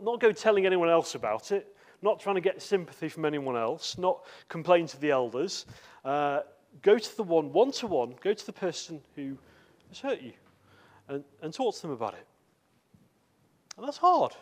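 Guy preaching at church, kinda high voice, chatty, lots of ums and asides. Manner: conversational, with frequent fillers and asides. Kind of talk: sermon.

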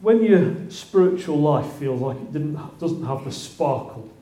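Higher-voiced man preaching in an echoey church. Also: lively intonation, a little slow, dark tone. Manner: conversational, with many restarts and rising exclaims. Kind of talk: sermon. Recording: roomy echo.

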